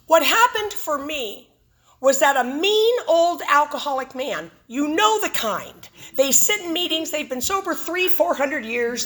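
Bright-voiced woman sharing her story. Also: sits high. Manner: humorous, animated storytelling. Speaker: speaker at a recovery meeting. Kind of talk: personal testimony talk.

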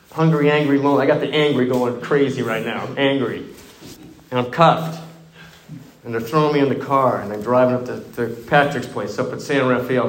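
A man's voice: medium pitch, roomy sound. Candid man telling his recovery story. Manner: candid, self-mocking storytelling with wry humor. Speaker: recovery speaker.

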